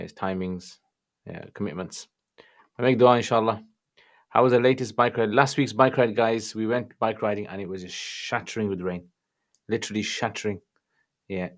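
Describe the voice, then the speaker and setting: Brief: man with a Birmingham accent, livestream Q&A host, lowish voice, chatty and informal, greets viewers by name. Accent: Birmingham English. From England. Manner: chatty, greets viewers warmly by name, mixes in Arabic phrases. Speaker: livestream Q&A host answering religious questions. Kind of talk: casual livestream chat reading viewer questions.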